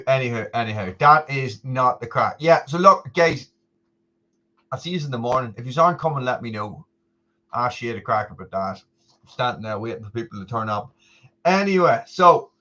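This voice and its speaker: A man's voice: mid-range voice, normal speed, long pauses, sharp tone. Guy rambling on his live stream, saying hi to viewers, dull lo-fi audio. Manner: rambling, chatty, greets viewers by name. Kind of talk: casual live stream chat.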